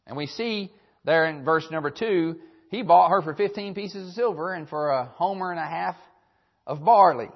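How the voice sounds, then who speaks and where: A man with a fairly high voice preaches, reading archaic scripture passages and returning again and again to his key phrases. The audio is muffled and lo-fi, like an old church broadcast.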